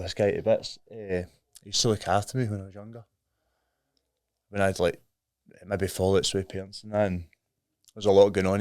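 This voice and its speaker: A Scottish man in his thirties with a very deep voice talks openly and earnestly as a podcast guest. His manner is plain-spoken and candid. The recording is dry, with no room sound. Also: no room sound. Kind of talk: candid recovery story in conversation.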